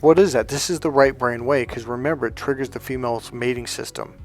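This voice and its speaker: A man coaching on dating, telling a story in a casual monologue, swearing bluntly and acting out what people said. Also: on the high side. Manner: blunt and profane, swearing often; animated, acting out quotes from a story.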